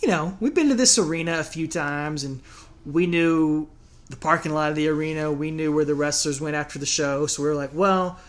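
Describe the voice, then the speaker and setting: A man's voice: a little high, a little fast. Laughing man telling fan stories. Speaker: podcast co-host. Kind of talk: casual storytelling chat.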